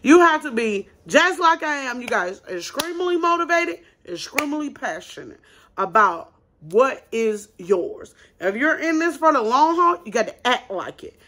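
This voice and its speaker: A woman host giving business advice in a casual vlog, blunt and emphatic as she talks straight to her audience. Her voice sits a little high and sounds bright and forceful, and she leans hard on the key words. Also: very animated, moderate pace.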